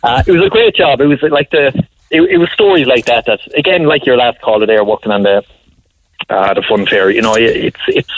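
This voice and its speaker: This brisk, steady, medium-pitched caller is an Irish man in his thirties telling a radio show a meandering anecdote full of chuckles and false starts. The sound is muffled.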